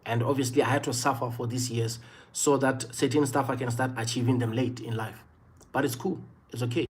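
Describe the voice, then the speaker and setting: A South African man in his thirties tells a personal story on a livestream. His voice sits at an ordinary middle pitch. He speaks earnestly, circling back to repeat his points and leaning on "you know" fillers. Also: steady tone, fairly quick. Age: 30s. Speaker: livestream host.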